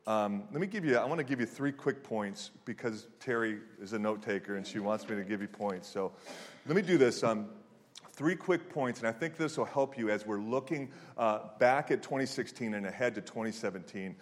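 Storytelling pastor preaching in a reverberant hall. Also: male voice, on the low side, normal speed. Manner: conversational storytelling with frequent restarts and fillers. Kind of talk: sermon.

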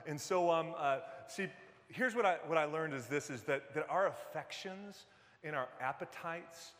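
A man's voice: on the high side, normal speed, fairly bright tone, in a large hall. A man preaching a casual sermon to his congregation, joking and chatty, with fillers and restarts. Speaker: pastor.

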